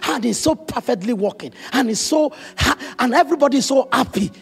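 Raspy high-voiced preacher. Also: male voice, fairly quick, faint music behind. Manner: emotional, animated storytelling with quoted dialogue. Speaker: pastor. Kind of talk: sermon.

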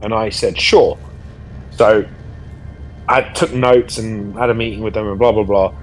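A man's voice: on the low side, measured pace, faint music behind. A middle-aged English man, an actor, chatting on a game stream and telling a story animatedly. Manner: animated storyteller, acts out quotes. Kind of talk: casual chat, storytelling.

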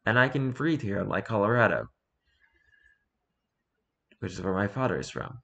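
A man reading out online posts in casual reaction commentary, dropping mocking, sarcastic asides between them. His voice has a bright, forward tone, and he talks like a streamer chatting to viewers. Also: lowish voice, very animated, normal speed, vocal fry, muffled recording. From Pacific Northwest.

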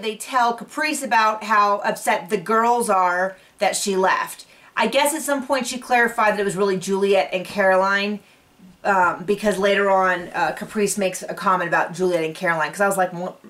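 A woman's voice: medium pitch, moderate pace, fairly bright tone, recorded from a distance. A woman talking through a reality TV episode in a casual, rambling way, full of asides, recorded at home. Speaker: reality TV recap vlogger. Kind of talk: casual chat recap. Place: home on a cattle ranch. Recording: voice set back from the mic.

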